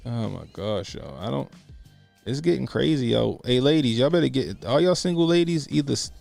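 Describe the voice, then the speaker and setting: Gravelly man ranting on a livestream. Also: medium pitch, animated, normal speed, darkish tone, faint music behind. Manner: laughs often, rambling and profane. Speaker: livestream commentary host. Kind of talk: casual profane livestream commentary.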